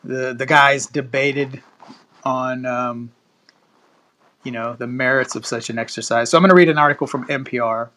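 A man's voice: mid-range voice, steady tone, normal speed, bright, forceful tone. A man hosting a podcast, reading a news article aloud in a casual chatty way, stopping to comment and laughing at the wording. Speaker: podcast host.

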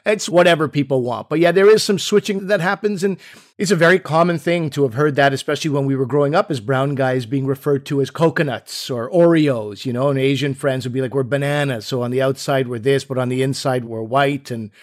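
A man co-hosting a casual podcast conversation, talking in an animated way and acting out the voices he quotes. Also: medium pitch, brisk. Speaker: podcast co-host.

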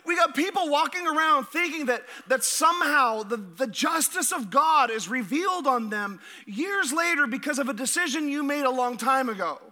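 A middle-aged man preaches with a high, sharp, bright voice. He is energetic, restarts and repeats his words, and keeps asking the congregation questions. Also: moderate pace, hardly any pauses. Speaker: pastor. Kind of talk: sermon.

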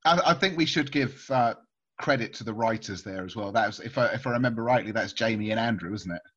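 Halting, stumbling male comedy actor. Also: fairly low pitch, breathy edge, lo-fi sound. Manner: warm, halting, stumbles over words. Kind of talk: casual interview chat.

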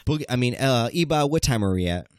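A man's voice: medium pitch, lively intonation, fast talker, dry recording, clean studio sound. A man hosting a podcast, teasing his co-hosts in casual, profane banter, a bit tipsy. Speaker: podcast host.

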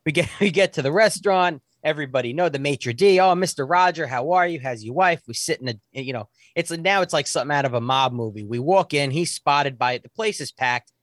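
A man in his forties telling a story in casual talk, animated and often restarting his sentences. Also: fairly high pitch, brisk, few pauses, no echo, clean studio sound. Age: 40s.

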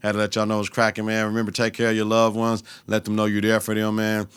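A young adult man hosting his own podcast, talking in a loose, profane, animated way and breaking into laughter as he tells stories. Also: on the low side, fast talker, smooth, no room sound. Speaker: podcast host. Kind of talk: casual solo podcast rant.

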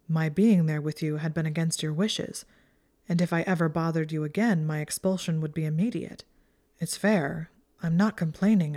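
A woman voicing a guarded, bitter young male wizard, speaking quietly and in clipped phrases. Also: sits low.

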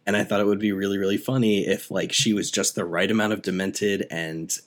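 A podcast co-host chats casually and enthusiastically about a movie, rambling and laughing often. His lowish voice holds a steady tone and runs a little fast.

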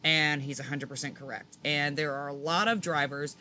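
Bright voice, casual podcast chat, opinionated, blunt, faint hiss behind. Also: medium pitch, steady tone, moderate pace. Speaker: podcast co-host. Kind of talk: casual chat about motor racing.

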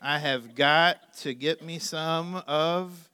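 A man voicing a fish that marvels at the bait in a low, hushed, greedy tone. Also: slow. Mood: awestruck.

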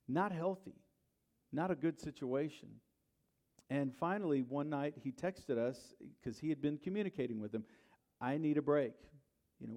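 A middle-aged man preaches in church, his voice a little high, as he relates a personal story in a conversational tone. At moments he drops to quiet asides, at others he breaks into loud bursts.

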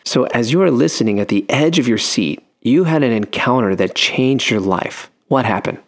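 A man's voice: mid-range voice, animated, moderate pace. A man hosting a faith radio interview, affirming and encouraging as he asks questions. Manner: affirming, brief encouraging responses. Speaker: radio show host.

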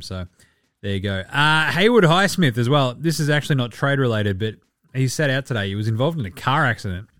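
A man hosts a laid-back sports show, cursing freely and cracking jokes as he goes. His pitch sits in the middle of the range. The recording is dry and close, with faint music underneath. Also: no echo. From Australia. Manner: sweary, joking, puts on players' voices. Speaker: podcast host. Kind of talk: casual sports chat.

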